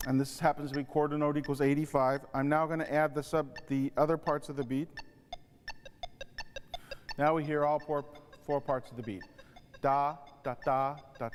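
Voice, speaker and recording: A man giving a saxophone lesson, pitched a touch higher than most men. His advice comes across earnest and practical, and he sings out rhythms to show them. A long reverb trails each phrase. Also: little pitch movement, brisk, soft background music. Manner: sings rhythms aloud to demonstrate; earnest, advising. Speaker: saxophone instructor. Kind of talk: music lesson tutorial. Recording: reverberant room.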